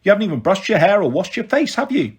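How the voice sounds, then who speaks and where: A man's voice: high-pitched, very animated, fast, breathy edge, exaggerated voice. A man reading aloud and voicing a stern, scornful female schoolteacher who scolds sharply. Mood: scolding.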